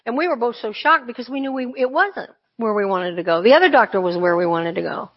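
A woman's voice: a little high, lively intonation, quick pace. A woman telling a personal faith testimony in an earnest, conversational way, full of asides. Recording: dull lo-fi recording.

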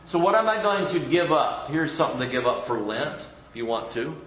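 A man's voice: a little high, lively intonation, a little fast, a bit bright. A man, a pastor, preaching a conversational sermon full of rhetorical questions and mock voices. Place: church. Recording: roomy, dull church recording.

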